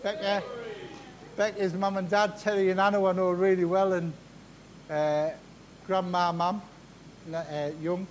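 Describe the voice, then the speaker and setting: A man, talking fast in a chatty, joking way as a guest preacher at a church carol service. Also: high-pitched, little pitch movement, a little hiss or hum. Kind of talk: sermon-style personal testimony. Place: church carol service before a live congregation. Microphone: handheld microphone.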